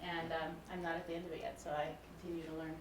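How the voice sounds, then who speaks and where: The forty-something music professor speaks in a low, flat voice and races through her candid, personal public lecture. Background noise is heavy, and the lecture hall sounds roomy through a far-off mic.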